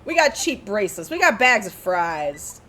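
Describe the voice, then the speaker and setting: A woman doing casual live race commentary, chatty and quick to laugh. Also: mid-range voice, big pitch swings, pushed and bright.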